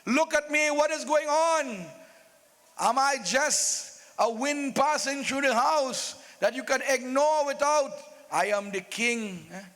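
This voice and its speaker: A man voicing a lovesick old king who pleads with his wife in drawn-out, theatrical lines. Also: very high-pitched, fairly bright tone, in a large hall, heavily acted. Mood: pleading.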